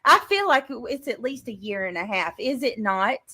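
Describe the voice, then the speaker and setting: High-pitched woman, piercing tone, furious stumbling rant full of swearing. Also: expressive, moderate pace, pushed and bright, breathy edge. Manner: heated, profane ranting with restarts. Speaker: livestreamer in a played clip. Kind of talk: angry livestream rant.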